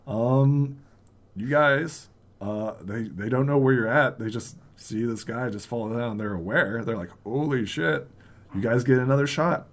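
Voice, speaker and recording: A man running a tabletop game as game master, animated and laughing, acting out the characters' lines. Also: mid-range voice, a little slow.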